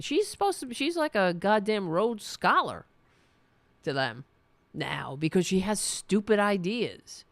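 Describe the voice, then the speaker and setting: A woman's voice: lowish voice, vocal fry, clean tone, dry recording. A woman hosting a political livestream, ranting with passion, swearing freely and reading viewers' chat comments. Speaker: political talk show host.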